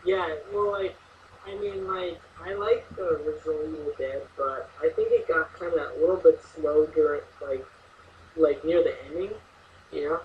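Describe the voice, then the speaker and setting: A man chatting excitedly about horror films, laughing often and using lots of fillers. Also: a little high, moderate pace. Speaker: co-host reviewing horror films. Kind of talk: casual chat. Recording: distant mic, muffled, faint hiss.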